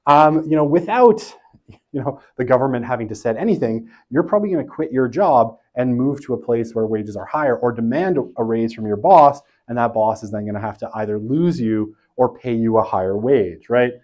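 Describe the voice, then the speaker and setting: A man lectures a university class in an easygoing, conversational manner. His voice sits in a middle pitch, and he keeps tagging his points with quick checks to his listeners. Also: lively intonation, a little mellow. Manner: conversational, tags points with "right?".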